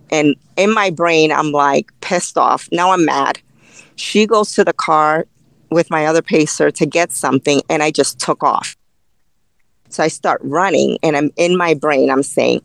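A woman's voice: sits low, moderate pace, vocal fry, no echo, poor audio. Chatty woman in a dry close recording. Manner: animated, tells the story through quoted dialogue with many fillers. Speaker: race director and ultrarunner guest. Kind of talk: podcast interview storytelling.

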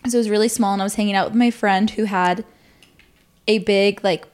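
A young adult woman co-hosting a podcast, telling stories in a casual, animated way and swearing freely. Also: mid-range voice, a little fast. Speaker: podcast co-host. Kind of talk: casual storytelling chat.

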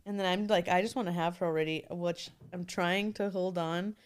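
A young woman co-hosting a casual podcast while nine months pregnant, chatty and quick to laugh. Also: fairly low pitch, fairly even intonation, clear, resonant tone. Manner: giggly, chatty, lots of fillers. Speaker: podcast co-host. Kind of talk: casual chat.

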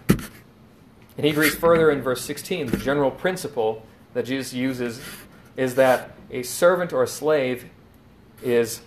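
A man's voice: medium pitch, unhurried, noisy background. Earnest male preacher explaining scripture. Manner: earnest, explanatory, retells scenes with quoted dialogue. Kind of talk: sermon.

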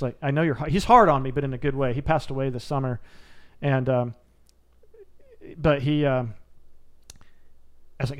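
Pausing often, a former soldier, once a Navy SEAL and now a mental coach, answers interview questions in an earnest, emphatic coaching style. He speaks at a moderate pace with a medium-pitched voice.

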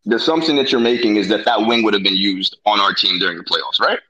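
A man's voice: on the low side, fast talker, bright, forceful tone, rough recording. A man co-hosting a podcast in a casual sports debate, pressing the other speaker with pointed questions and slangy banter. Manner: pushy, cross-examining. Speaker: podcast co-host.

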